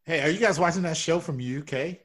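A man in a comedy sketch who gushes eagerly about his favorite show. His voice sits a little high. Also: a little fast, a bit bright. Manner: eager, gushing.

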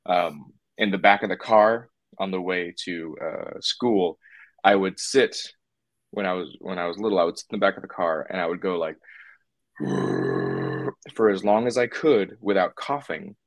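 Deep-voiced rambling puppeteer man. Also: normal speed, no echo. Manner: rambling, many filler words and restarts. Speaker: puppeteer guest. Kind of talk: casual interview chat.

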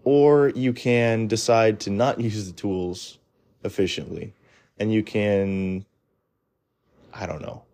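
A man's voice: on the low side, steady tone, slow, pauses often, darkish tone. A man giving a blunt, rambling monologue of advice, full of restarts and fillers. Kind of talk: casual opinionated monologue.

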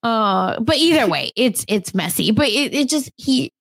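A young woman with a light Indian accent, co-hosting a casual celebrity gossip podcast and chatting in an animated way with frequent laughs. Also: on the high side, measured pace, vocal fry, no room sound. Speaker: podcast co-host.

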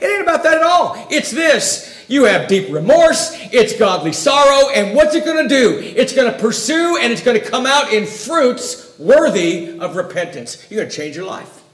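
A man preaching a sermon, emphatic, swinging between loud declarations and quiet, confiding asides. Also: very high voice, sing-song, moderate pace, hardly any pauses, reverberant.

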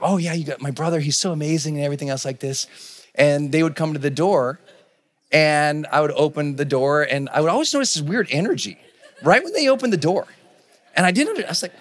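Energetic high-voiced male motivational speaker. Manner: energetic, shouting bursts, laughing asides. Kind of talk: live motivational talk. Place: large event stage before a crowd.

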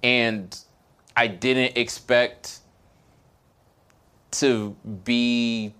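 A man in casual podcast chat who talks things through slowly, circling back with fillers and restarts before landing a point. His voice sits at an ordinary middle pitch with nothing unusual about its tone. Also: little pitch movement, pushed and bright, clean tone. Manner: reflective, hesitant storytelling with many fillers. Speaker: podcast co-host.

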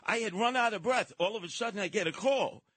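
A man's voice: high voice, fast talker, a bit bright, no echo. An older man, a combative guest on talk radio who tells stories with theatrical flair.

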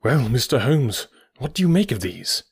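A man doing a worried country gentleman. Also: mid-range voice, very animated, normal speed, creaky, breathy edge, exaggerated voice. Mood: puzzled. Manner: plain-spoken and worried. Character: anxious, earnest country gentleman.

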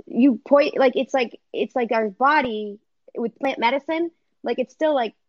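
A woman's voice: on the high side, unhurried, dry recording, muffled recording. A woman in casual conversation as a podcast guest, chatty, often laughing and swearing casually. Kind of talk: casual chat.

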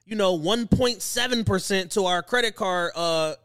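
High-voiced man explaining on a podcast. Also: normal speed, fairly bright tone, smooth. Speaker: podcast co-host. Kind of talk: casual chat.

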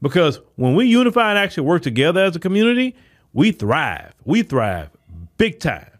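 Male podcast host, higher-pitched voice, preachy solo commentary. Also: big pitch swings, moderate pace. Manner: preachy, emphatic, rhetorical questions to listeners.

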